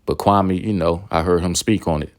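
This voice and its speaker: A man hosting commentary, setting up a clip in a measured, conversational way. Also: sits low, fairly even intonation. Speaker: channel host. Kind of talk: commentary setup.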